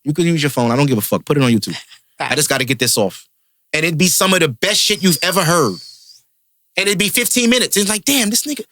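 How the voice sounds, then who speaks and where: A man's voice: fairly high pitch, lively intonation, fast talker, pushed and bright, dry recording, studio quality. A man hosting a podcast, a comedian ranting in heated, profane casual chat.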